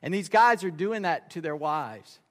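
Man, pastor, sermon, folksy storytelling, slightly high voice, long reverb. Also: expressive, a little slow. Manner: folksy storytelling, acts out dialogue in quoted voices. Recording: reverberant sanctuary sound.

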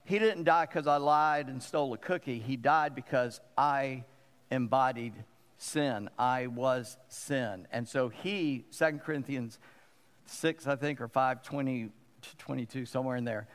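A man's voice: medium pitch, a little slow, long reverb tail. A man, a pastor preaching a sermon in an emphatic way and repeating phrases for stress.

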